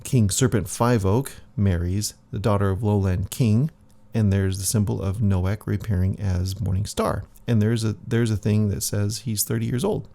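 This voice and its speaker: A man casually reading his own comic aloud, halting often and adding soft asides. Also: lowish voice, steady tone, gravelly.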